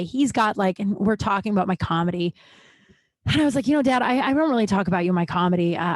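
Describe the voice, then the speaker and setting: A woman's voice: mid-range voice, a little mellow, dry recording. A woman in her thirties from Denver telling profane, rambling comedic stories as a podcast host, laughing at herself, with a runny nose. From Denver, USA. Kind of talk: casual comedic storytelling.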